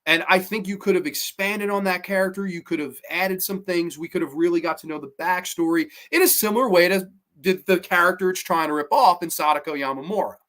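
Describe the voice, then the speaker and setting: A man's voice: high-pitched, brisk, a bit bright. Chatty, opinionated male horror reviewer. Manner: chatty and opinionated, with frequent fillers and occasional swearing. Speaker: horror film reviewer, podcast host. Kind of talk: casual film review monologue.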